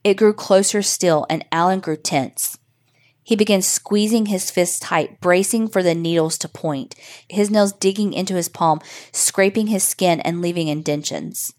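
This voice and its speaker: A woman narrates a horror story in a steady, measured way. Her voice sits on the low side for a woman. The telling is scripted and even. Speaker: podcast host reading a listener story.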